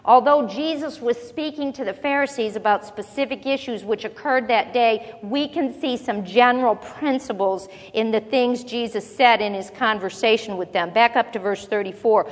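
A woman preaching a sermon, talking with the congregation and asking them questions, and slowing down to read scripture aloud. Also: on the high side, long reverb tail. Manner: conversational, asks the congregation questions. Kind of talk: sermon Bible teaching.

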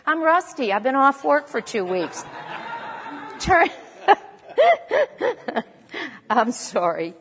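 Woman preacher, slightly high voice, casual sermon delivery with restarts, long hall reverb. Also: very animated, unhurried, fairly bright tone. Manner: conversational, with restarts and self-corrections.

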